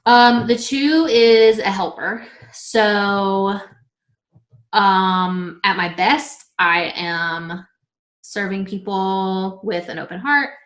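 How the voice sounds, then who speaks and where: A woman in her thirties talks in an unhurried, easygoing way, giggling and trailing off between her thoughts. Her voice sits at an ordinary middle pitch. It is recorded in a roomy space with a noticeable echo. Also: fairly bright tone. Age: 30s. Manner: chatty and giggly, trailing off with filler words. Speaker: vlog host being interviewed. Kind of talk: casual chat.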